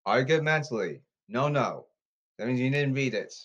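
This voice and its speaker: A man rambling to his audience, reading rules off his phone and repeating himself insistently, with halting restarts. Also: medium pitch, lively intonation, a bit bright, dull audio. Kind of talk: rambling monologue to camera.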